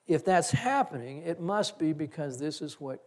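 A man's voice: on the high side, lively intonation, normal speed, a little mellow. Folksy middle-aged man preaching a sermon. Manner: conversational, folksy preaching with stories. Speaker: pastor.

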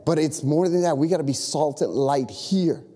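A man in his thirties or forties preaching a sermon, animated and repetitive, with asides to the congregation. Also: a little high, moderate pace. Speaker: pastor. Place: church sanctuary. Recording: long echo of a large hall.

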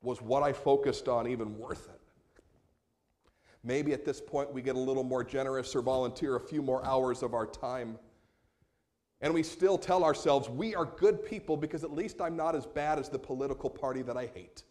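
A man delivering a sermon from the pulpit at a middle, ordinary pitch. His delivery drops to hushed, slowed lines, then climbs into loud, emphatic appeals to the congregation. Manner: swings from hushed, slow passages to raised, emphatic appeals. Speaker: pastor.

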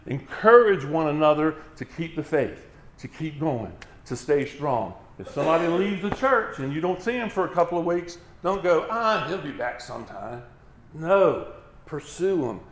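Pastor guy preaching hard, keeps repeating his point, kinda high voice, echoey church. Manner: emphatic, repetitive preaching with rising intensity. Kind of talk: sermon.

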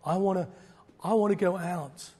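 A middle-aged man preaching a sermon, swinging from loud declarations to hushed, almost whispered lines. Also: sits high, normal speed, slightly rough.

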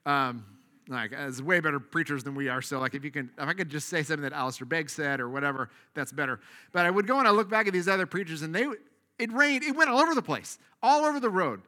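Pastor preaching in a reverberant hall. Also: male voice, fairly high pitch. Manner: casual, animated preaching with asides; soft, slow prayer. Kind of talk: sermon.

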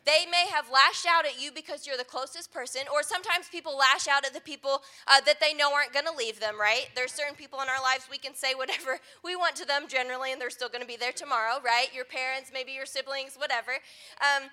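Woman pastor, young adult, high bright voice, earnest conversational sermon delivery. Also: fairly quick.

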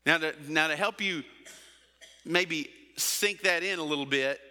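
Bright-voiced male pastor preaching in a hall. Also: on the high side, unhurried. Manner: preaching with rhetorical questions and acted-out quotes. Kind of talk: sermon.

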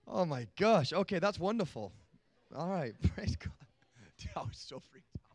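A young man preaching a sermon to a church congregation. He jokes with the crowd and then builds to shouted emphasis. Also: high-pitched, very animated, normal speed. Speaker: pastor.

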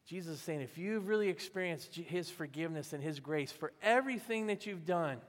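A man's voice: fairly high pitch, animated, fairly quick, hardly any pauses, long reverb tail. A man preaching a sermon as a pastor, telling a parable in a conversational way and voicing its characters. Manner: conversational storytelling, acting out voices in the parable.

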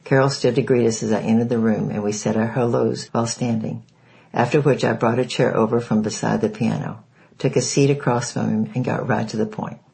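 A man reading a novel aloud in a plain, unhurried way. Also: mid-range voice, fairly even intonation, vocal fry, a little mellow, rough recording. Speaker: reader of a novel.

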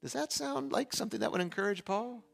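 A man in his forties preaching a sermon as pastor, animated and shifting between loud emphasis and hushed asides, in a church. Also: extremely high pitch, fast talker, gravelly, soft background music. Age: 40s.

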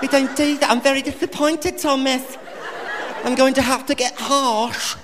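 Guy doing a prim english nanny lady, way too patient, high voice, noisy crowd in a reverby hall. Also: normal speed. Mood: prim scolding. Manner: calm, scolding, overly patient. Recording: live comedy club with loud crowd.

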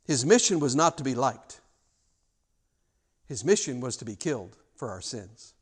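A man preaching a sermon as pastor, retelling a passage in an emphatic, animated way with frequent restarts. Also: mid-range voice, moderate pace, breathy edge.

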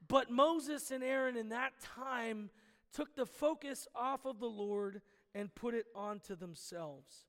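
Brief: earnest male pastor preaching, very high voice, long reverb of a big hall. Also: fairly bright tone. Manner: earnest, emphatic, reads scripture aloud. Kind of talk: sermon.

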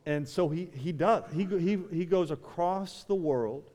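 High-voiced preacher in a reverberant church. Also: male voice, unhurried, warm tone. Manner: rising to fervent climaxes, addresses the church directly. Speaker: pastor. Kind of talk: sermon. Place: church sanctuary. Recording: long hall reverb.

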